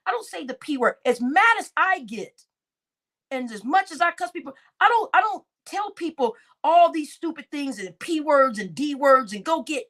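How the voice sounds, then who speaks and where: A woman hosting a live stream, animated and exclaiming as she reacts to clips. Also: sits high. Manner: animated and exclaiming, laughs often.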